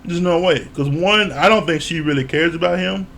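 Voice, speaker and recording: A man with a slightly high voice, casually recapping a reality show episode. He tells it loosely, with slang, swearing and the occasional chuckle, drifting from one couple to the next. There is a faint hum of room noise behind him. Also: normal speed, vocal fry, fairly bright tone. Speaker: reality TV reviewer.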